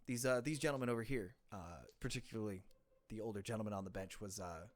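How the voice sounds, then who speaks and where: Man playing a clipped, loud sergeant. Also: lowish voice, quick pace, natural voice. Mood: dutiful. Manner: clipped, dutiful report. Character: crisp male military sergeant.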